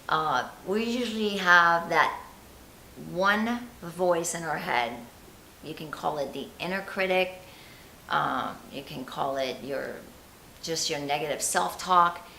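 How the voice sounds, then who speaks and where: A woman with a bright, lowish voice gives confidence advice straight to camera in a chatty, lively way. The room sounds echoey, with a faint hiss under her voice. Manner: chatty and animated, speaking straight to the viewer. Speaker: confidence coach. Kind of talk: motivational vlog talk.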